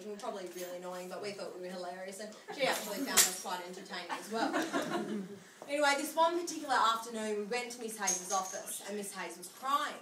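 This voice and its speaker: A woman's voice: mid-range voice, fast talker. A young woman giving a humorous birthday speech, telling stories and laughing often as she speaks. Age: young adult. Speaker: speech giver at a friend's 21st birthday. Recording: echoey room, mic far off, noisy.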